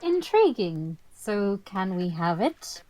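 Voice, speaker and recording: A woman voicing a sharp young woman in a fan reading of game dialogue, with an expressive, lively delivery. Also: mid-range voice, slow, soft background music, rough recording. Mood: brisk.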